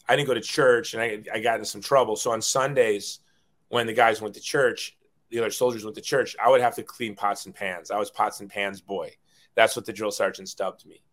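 A man's voice: on the low side, fairly bright tone. A middle-aged man, a guest on an interview show, telling a personal story in an earnest, rambling way, often repeating words when moved.

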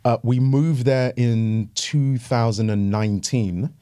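A man with an English accent, a pastor chatting as a guest in an interview and telling animated, joking stories. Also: medium pitch, slow pace, clean tone, dry recording, clean studio sound. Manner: animated, joking storyteller who laughs often.

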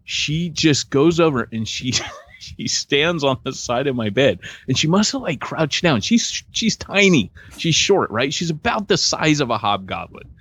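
Animated storytelling man in his forties. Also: on the high side, unhurried, slightly rough, no echo. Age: 40s. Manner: animated storyteller, acts out voices. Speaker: podcast co-host. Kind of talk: casual chat, storytelling.

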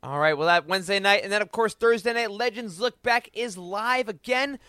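A man's voice: sits high, a little fast, pushed and bright, smooth, no room sound. A man hosting a casual podcast, giving upbeat show updates. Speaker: podcast host.

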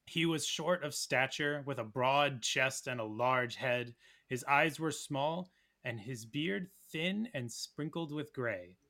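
A man putting on a dungeon master voice to read an ancient chronicle slowly and theatrically. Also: mid-range voice, pushed and bright. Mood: solemn. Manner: slow, weighty, theatrical reading. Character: grave male fantasy game-master narrator reading an ancient chronicle.

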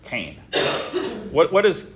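A man in his thirties leading a casual group Bible discussion, rambling and animated, with frequent restarts. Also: fairly high pitch, very slow, breathy edge. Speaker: Bible study leader.

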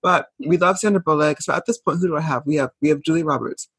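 A man's voice: a little high, fast, a bit bright, husky, no room sound. A man co-hosting a casual pop-culture chat, sassy and emphatic with campy asides. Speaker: podcast co-host.

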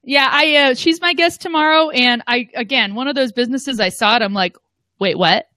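A woman's voice: high-pitched, moderate pace, sharp tone, no room sound. A woman talking as a guest host on a live show, chatty and playful. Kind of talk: casual live show chat.

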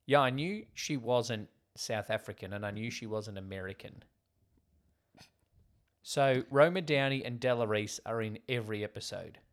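A man's voice: medium pitch, moderate pace. A man co-hosting a podcast, chatting casually about a film and often trailing off with fillers. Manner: rambling, trails off with "like". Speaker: podcast co-host. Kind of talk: casual film discussion chat.

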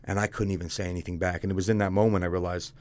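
A man's voice: deep voice, level tone, racing, a little mellow, a little hiss or hum. A man telling his own story as a guest, speaking bluntly and casually and calling the host "dude".

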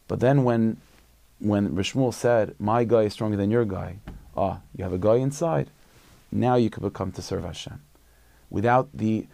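A man, a religious teacher, telling a story as a short sermon in a conversational, halting way with many restarts. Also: mid-range voice, gravelly, dark tone, no echo.

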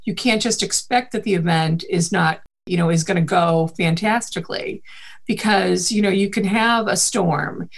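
A woman's voice: lowish voice, moderate pace. A woman from the Boston area with a faint Boston accent, a marketing and events guest chatting in an interview, rambling with many fillers. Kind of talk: casual interview chat.

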